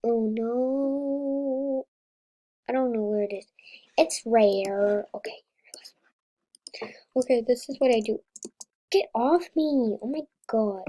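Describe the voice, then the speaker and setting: Female gaming creator, casual play-by-play; slightly high, unhurried, warm tone with excitable bursts and whispered asides. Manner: chatty and excitable, drops into whispers. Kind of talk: casual gameplay commentary.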